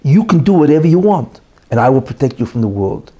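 A man's voice: medium pitch, sing-song, fairly quick, mellow. A man giving an opinionated monologue as a commentator, emphatic and full of rhetorical questions and repeated "you know".

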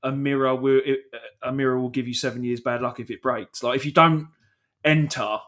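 A man's voice: medium pitch, steady tone, fairly quick, fairly bright tone. A British man co-hosting a live podcast, tossing out dry wisecracks and song references in loose banter. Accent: British English. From Britain. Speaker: podcast co-host.

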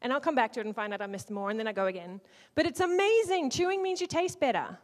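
A woman leading an interactive teaching talk to a church group, playful, swinging between loud and hushed and acting out lines. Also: fairly high pitch, lively intonation, quick pace. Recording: long hall reverb.

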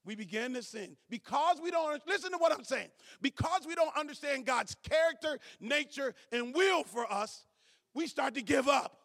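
A man preaching a sermon as pastor, calling to the congregation, swinging from shouts to low asides. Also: lively intonation, normal speed. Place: church sanctuary. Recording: church hall reverb.

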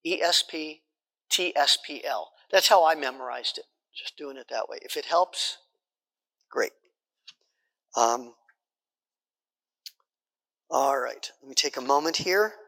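A man with a bright, forceful voice leads a Bible study, talking in an easy, conversational way and checking in with his class. His voice carries a long reverb from the hall around him. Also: mid-range voice, takes it slowly, pauses often. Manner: conversational, repeats points, checks in with "right?".

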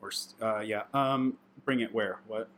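A man chatting as a podcast guest, halting and animated, with lots of fillers and laughter. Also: on the low side. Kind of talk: casual chat.

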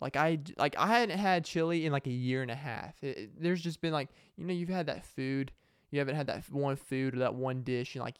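A young man hosts his own podcast alone, rambling from jokes to heartfelt memories and tripping over his own restarts. His voice is smooth and clean. The sound is dry and close, with no room around it. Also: mid-range voice, dry recording. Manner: rambling, joking, emotional, with many restarts and fillers. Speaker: podcast host. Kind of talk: casual solo podcast monologue.

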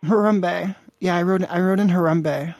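A man's voice: sits high, fairly even intonation, normal speed, darkish tone, no echo. A man hosting a crude prank call podcast, mocking and rambling with lots of profanity.

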